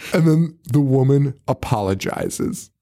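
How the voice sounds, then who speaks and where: Male podcast co-host, casual recap, animated pitch, laughs through lines, does quick character voices. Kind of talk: casual movie recap chat.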